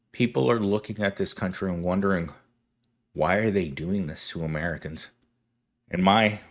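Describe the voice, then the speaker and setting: A young man giving a rambling, wry monologue commentary, correcting himself and laughing as he goes. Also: sits low. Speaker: commentary host.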